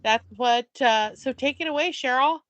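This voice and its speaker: Woman cohost chatting, bright tense voice, dry close sound, playful. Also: high voice, normal speed, no echo. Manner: playful, animated storyteller. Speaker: podcast co-host. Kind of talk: casual chat.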